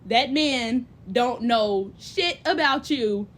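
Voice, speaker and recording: A young woman giving blunt, profane, big-sister advice in casual chat, animated and often mimicking other people's voices. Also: on the high side, slow. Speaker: livestream host.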